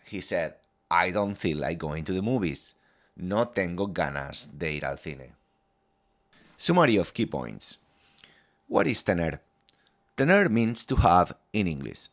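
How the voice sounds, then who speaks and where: A deep-voiced man teaches a scripted Spanish lesson, modelling phrases clearly and deliberately so learners can repeat them.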